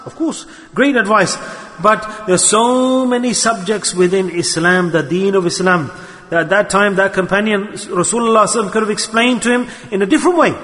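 A man giving a sermon on a hadith, quick and emphatic, firing rhetorical questions at the audience. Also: high voice, pushed and bright. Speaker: preacher. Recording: long hall reverb.

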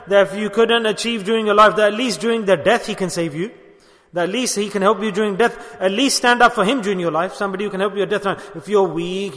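Preaching in a high, slightly bright voice, this man tells a story and exhorts his listeners, mixing in Urdu and Arabic religious terms. A long hall reverb lingers on the recording.

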